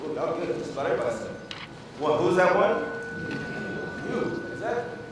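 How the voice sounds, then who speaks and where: A man's voice: high-pitched, big pitch swings, brisk. A man, a physician, giving a motivational speech to students, with repeated emphatic phrases and questions thrown out to the audience. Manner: call-and-response with the audience, repetitive and emphatic. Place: large hall with a PA system. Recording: echoey hall, distant from the mic, noisy.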